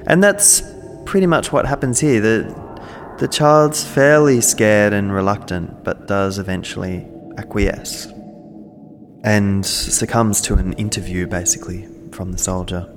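A man's voice: lowish voice, fairly even intonation, a little slow, noisy background. A man co-hosting a casual discussion, thoughtful and often restarting as he searches for words. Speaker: podcast co-host.

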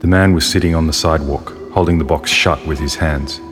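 A man reading a short story aloud in a measured storytelling delivery as a podcast narrator. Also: extremely low pitch, steady tone. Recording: long hall reverb with soft music.

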